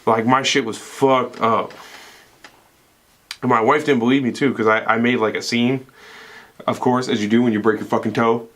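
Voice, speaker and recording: A man's voice: medium pitch, steady tone, normal speed, long pauses, fairly bright tone. A young man co-hosting a podcast, telling rambling, profane stories in casual banter and laughing often. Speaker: podcast co-host.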